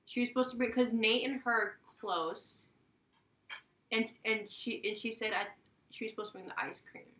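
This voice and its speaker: A woman's voice: on the high side, moderate pace, fairly bright tone. A woman co-hosting a recap podcast, chatting casually in a blunt, playful way. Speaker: podcast co-host.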